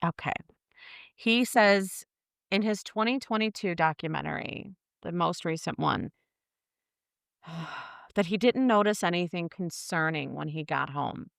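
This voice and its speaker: A woman's voice: fairly low pitch, unhurried, gravelly, pauses often, a bit bright, no echo, clean studio sound. A woman in her thirties co-hosting a casual true-crime podcast, telling the story bluntly with lots of swearing. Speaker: podcast co-host.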